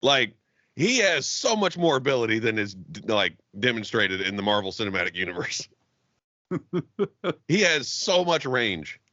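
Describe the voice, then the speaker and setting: A man co-hosting a podcast, talking in a loose, profane, animated way and laughing often. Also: fairly low pitch, normal speed, dry recording, lo-fi sound. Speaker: podcast co-host. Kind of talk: casual chat.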